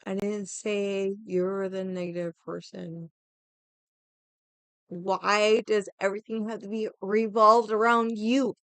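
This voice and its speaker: A woman's voice: mid-range voice, little pitch movement, takes it slowly, clean tone, no room sound. A young adult woman ranting casually to her stream, swearing a lot and sounding exasperated. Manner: profane, exasperated, mocks others in quoted voices. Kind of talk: casual venting rant.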